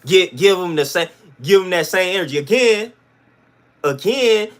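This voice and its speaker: This man hosting a livestream has a high-pitched, expressive voice and talks at a normal speed. He rants to his chat bluntly and emphatically, using lots of slang and circling back to his points again and again.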